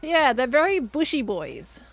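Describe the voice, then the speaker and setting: A woman's voice: high voice, sing-song, measured pace, no echo, soft background music. A woman chatting casually with her live chat while she plays, thinking aloud as she goes. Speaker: streamer.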